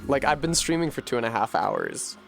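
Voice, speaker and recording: A man streaming a video game, chatting casually and thinking aloud to his viewers, swearing freely and getting animated. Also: mid-range voice, fairly quick, gravelly, soft background music. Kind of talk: casual live-stream chat while gaming.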